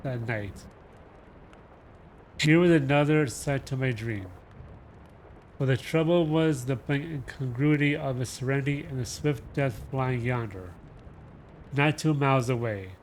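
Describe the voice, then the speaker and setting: A man reads a novel aloud for a livestream audience. He takes it slowly and dramatically, pushing some words and dropping others. His voice sits in a middle pitch. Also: slight background noise. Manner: dramatic, slow with shifting emphasis. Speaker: reader.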